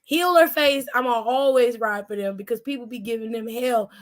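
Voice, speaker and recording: A woman's voice: on the high side, normal speed. A woman co-hosting a casual wrestling aftershow, sassy and profane, firing off teasing rhetorical questions. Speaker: co-host.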